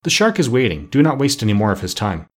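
A man's voice: medium pitch, very animated, fast talker. A man voicing a kind but firm animal doctor who lectures politely and sternly.

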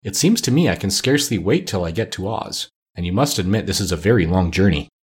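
A calm, patient tin woodman from a storybook, as a male reader puts him on. Husky and low, spoken evenly. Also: quick pace, exaggerated voice.

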